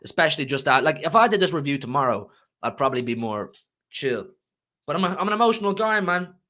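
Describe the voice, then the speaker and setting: A man's voice: a little high, very animated, fast talker, pushed and bright. A man hosting a fan channel, ranting emotionally about football to his live chat and repeating himself for emphasis.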